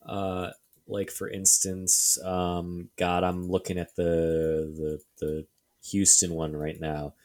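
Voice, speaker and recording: A young man with a very low voice co-hosts a casual podcast. He thinks out loud, circling back with frequent ums, likes and restarts. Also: monotone. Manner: halting, many fillers and restarts. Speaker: podcast co-host.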